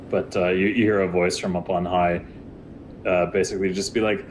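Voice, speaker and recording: A man's voice: sits low, little pitch movement, a little fast, slight background noise. A man narrating a tabletop game as game master, telling the scene loosely and rambling over voice chat.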